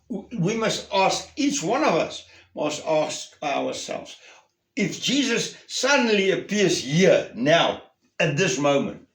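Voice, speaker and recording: A man preaching a sermon, earnest and emphatic, at times raising his voice and at times dropping to a hushed tone. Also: fairly high pitch, roomy sound. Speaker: pastor.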